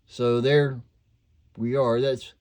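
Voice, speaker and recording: A man's voice: medium pitch, little pitch movement, slow pace, darkish tone. An older man with a slight twang, rambling casually at home about his hobbies, full of fillers and restarts. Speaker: toy collector vlogger.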